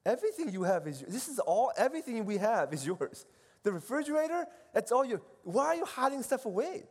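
Brisk and very high-pitched, a middle-aged man who is a seminary professor gives an easygoing, animated retreat talk. He swings between loud and soft while acting out quoted voices, all under long hall reverb.

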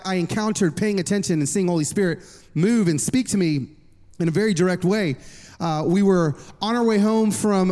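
Guy preaching in a big echoey hall, high voice, jokey and upbeat story. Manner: energetic storytelling with jokes. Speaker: worship pastor. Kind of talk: sermon. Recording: long reverb of a large hall.

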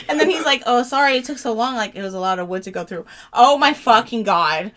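A young woman co-hosting a casual podcast, telling stories in an animated way and swearing a lot. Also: on the high side, fast talker, hardly any pauses, heavy background noise. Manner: animated storytelling, heavy swearing. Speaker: podcast co-host. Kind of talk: casual chat.

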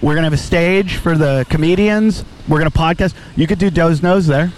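A man hosting a podcast, telling crude stories in animated, profane casual banter into a studio microphone. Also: fairly high pitch, a little fast. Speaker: podcast host.

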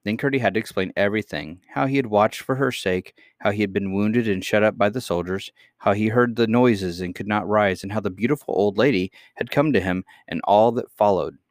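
A man reading a children's storybook aloud in a measured, calm way. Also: on the low side, dry recording, studio quality. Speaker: narrator.

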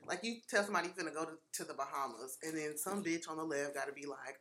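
A woman's voice: sits low, very animated, fast, a bit bright, a little hiss or hum. A woman co-hosting a casual chat, playful and laughing often. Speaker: podcast co-host.

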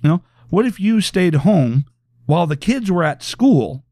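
A man's voice: sits high, very animated, measured pace, mellow, no echo, studio quality. A man hosting a podcast, lecturing his listeners in a provocative way and firing rhetorical questions at them. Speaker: podcast host. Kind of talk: opinionated podcast monologue.

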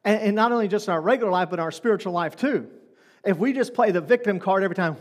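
Male pastor preaching, fairly high voice, chatty with lots of "guess what" questions, big hall echo. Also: quick pace. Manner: conversational preaching with rhetorical questions. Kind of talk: sermon. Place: church hall. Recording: long hall reverb.

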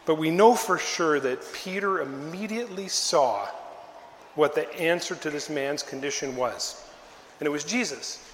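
An older man preaching a sermon as pastor, telling the story in a lively, conversational way and acting out the bystanders in little voices. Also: on the high side, a little slow, reverberant, big-room sound, slight background noise.

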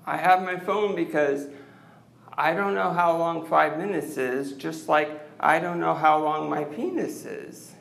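A man doing an awkward, self-deprecating open-mic stand-up set into a handheld mic on a club stage, leaving long pauses. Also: fairly high pitch, gravelly, a bit bright. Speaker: stand-up comedian. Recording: roomy club sound.

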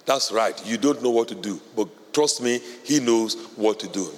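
A male pastor preaching a sermon with fervor, building from quiet, urgent stretches to loud shouted declarations. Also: medium pitch, normal speed. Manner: fervent preaching, rising to shouts. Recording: long hall reverb.

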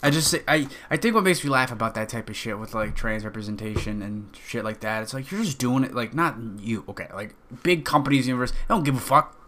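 A young man talks alone into a podcast mic, his voice bright and forward. He wanders from one thought to the next, dropping curse words and jokes at his own expense without ever settling down. The tone stays loose and unscripted throughout. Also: mid-range voice, fast, hardly any pauses. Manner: rambling, profane, joking. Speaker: podcast host. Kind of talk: casual solo podcast monologue.

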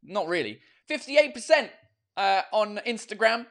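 A man's voice: high-pitched, very animated, unhurried, fairly bright tone. A man hosting his own podcast and live show in casual chat. He rambles, swears freely and mocks himself.

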